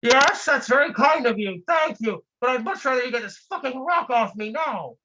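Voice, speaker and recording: A performer voicing a panicked person pinned under a rock, yelling shrilly for help in a comic piece. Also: sits high, lively intonation, normal speed, dull audio, background noise, voice pushed up. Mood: exasperated.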